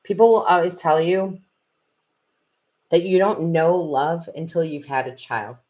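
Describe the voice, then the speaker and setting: A low-voiced woman giving tarot readings on a home live stream, speaking through a built-in computer mic. She talks in effusive bursts, quick to gush and exclaim. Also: darkish tone. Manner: emotional, effusive, tearful exclamations. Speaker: tarot reader and medium. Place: home room. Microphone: built-in computer camera mic.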